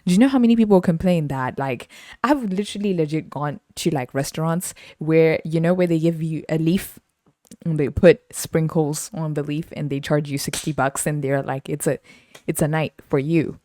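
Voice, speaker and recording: A woman hosts a podcast with a low, mellow voice, laughing her way through a slangy, animated story. She is recorded close and dry. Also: moderate pace, dry recording. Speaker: podcast host. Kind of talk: casual storytelling.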